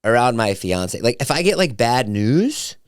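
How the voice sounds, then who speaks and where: Podcast guy rambling thru stories, low-ish voice that jumps around, super dry mic. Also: unhurried, smooth, no echo. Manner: animated storyteller, acts out quotes. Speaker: podcast host. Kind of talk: casual solo podcast chat.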